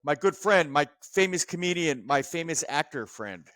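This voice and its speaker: A man's voice: fairly high pitch, lively intonation, normal speed, a bit bright, no echo. A man in his fifties from New Jersey hosting a casual chat, reminiscing animatedly and laughing often. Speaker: podcast host.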